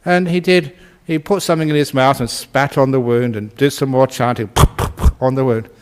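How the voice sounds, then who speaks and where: A man's voice: mid-range voice, normal speed, smooth. Give me a chuckling man telling a humorous story in a dharma talk. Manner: chuckles often at his own story; relaxed, conversational, frequent "you know". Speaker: Buddhist monk and teacher.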